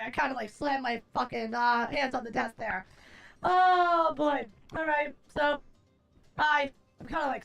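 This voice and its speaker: Very high-voiced, foul-mouthed woman streamer. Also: vocal fry, a bit bright. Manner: profane, theatrical mock-furious ranting. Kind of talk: casual livestream chat. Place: at a desk at home.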